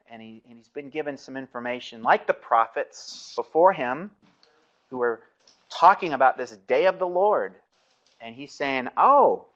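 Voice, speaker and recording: A man's voice: medium pitch, a bit bright, muffled recording. A man giving a conversational university lecture, often restarting his sentences and slipping into quoted voices.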